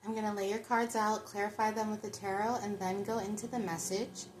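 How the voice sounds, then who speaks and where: A woman's voice: medium pitch, level tone, a little fast, roomy sound, slight background noise. A woman giving a chatty pick-a-card tarot reading, talking straight to her viewers. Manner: chatty, reflective, addresses viewers directly. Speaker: tarot reader.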